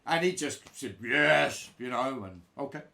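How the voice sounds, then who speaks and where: A man's voice: medium pitch, normal speed. A middle-aged man casually telling a road-trip anecdote, acting out other people's voices. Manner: animated, acts out broken-English voices of others. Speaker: storyteller recalling touring life.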